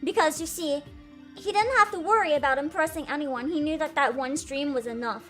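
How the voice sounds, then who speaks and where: A woman's voice: sits high, a little fast, fairly bright tone, faint music behind. Hyper, giggly woman streamer. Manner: hyper and giggly, swears casually; greets chat viewers by name. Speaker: VTuber streamer. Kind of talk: casual live-stream chat.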